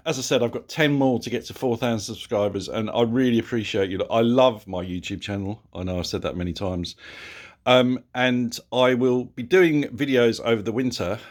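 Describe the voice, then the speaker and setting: A man's voice: mid-range voice, echoey room. A man, telling a story casually as a motorcycle vlogger in his home garage, chatty and laughing often.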